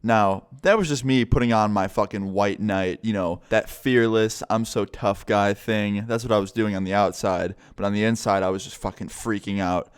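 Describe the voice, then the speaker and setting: A young man tells a personal story to his camera in a casual, animated way, swearing freely. His voice sits low and sounds smooth and clear. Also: moderate pace, few pauses. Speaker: vlogger.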